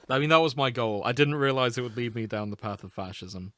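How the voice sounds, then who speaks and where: A man's voice: medium pitch, fairly quick, sharp tone, dry recording, studio quality. A man co-hosting a podcast in casual chat, playful and crude, laughing often. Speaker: podcast co-host.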